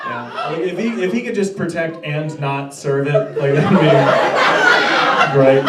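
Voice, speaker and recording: A man's voice: on the high side, expressive, measured pace, very noisy. A young man in his twenties doing a stand-up comedy set on a club stage, rambling and self-deprecating with stammering restarts. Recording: roomy club audio from far off with crowd. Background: audience laughter.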